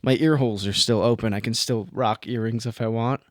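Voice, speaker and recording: A man's voice: medium pitch, steady tone, a little fast, dry recording. Joking young man, dry close mic. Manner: jokey, slips into a loud put-on frat-boy voice. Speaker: podcast co-host. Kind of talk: casual chat. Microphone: headphones and studio mic.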